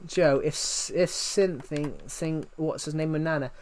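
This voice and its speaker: A man's voice: fairly high pitch, measured pace, darkish tone. A young man chatting casually on a live game stream. He tells stories in a rambling way and pokes fun at himself. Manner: rambling, self-mocking storytelling.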